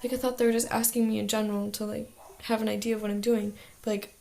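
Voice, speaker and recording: A woman's voice: medium pitch, little pitch movement, fast talker, vocal fry, dark tone. A teenage girl talking in a casual video diary as an exchange student, chatty and full of "like" fillers.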